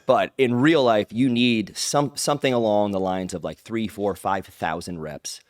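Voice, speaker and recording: A man telling stories as an interview guest, animated and rambling, acting out other people's lines in his own voice. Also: fairly low pitch, normal speed, no room sound, studio quality. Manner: rambling with restarts and "like". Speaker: guest, pro wrestler. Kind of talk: casual interview storytelling.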